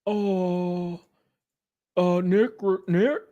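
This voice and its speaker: Speaking extremely slowly in a high voice, a man rants casually on the livestream he hosts, swearing and rambling. His delivery jumps between loud bursts and low mutters, with frequent chuckles, and the audio has its highs cut off.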